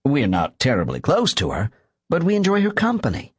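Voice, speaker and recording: Guy doing a careful calm visitor, smooth-ish lilting delivery, husky. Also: mid-range voice, voice pushed up. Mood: placating. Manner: deliberate and placating. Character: measured, polite man calming a patient.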